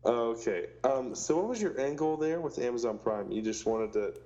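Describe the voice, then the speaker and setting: A man's voice: mid-range voice, animated, normal speed, warm tone, highs cut off, a little hiss or hum. A young man co-hosting a casual podcast, joking around and laughing often. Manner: jokey, laughs often, spells out handles. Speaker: podcast co-host. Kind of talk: casual chat.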